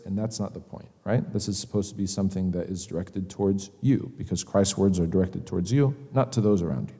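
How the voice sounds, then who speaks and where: A man giving an earnest, conversational church lecture, pausing often as he searches for words. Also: deep voice, mellow, slightly rough. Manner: earnest, hesitant with frequent pauses. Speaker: church teacher. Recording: long reverb of a hall.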